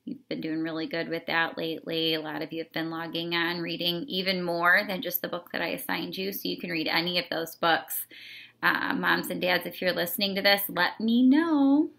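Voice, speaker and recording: A woman teacher talks young children through their schoolwork in a slow, patient, exaggerated way. Her voice sits low for a woman, with a gravelly edge and a bright, forceful tone. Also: flat delivery. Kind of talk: remote lesson for young children.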